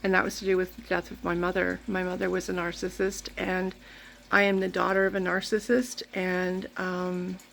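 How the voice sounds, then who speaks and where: Gravelly-voiced woman telling a candid personal story. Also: lowish voice, flat delivery, moderate pace, a bit bright, slight background noise. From Canada. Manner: rambling, candid, faith-filled. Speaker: vlogger.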